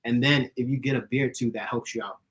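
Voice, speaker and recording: A young man chatting casually, giving dating advice, who talks fast and giggles and laughs often. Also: medium pitch, steady tone, fairly bright tone, poor audio. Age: young adult. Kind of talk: casual chat.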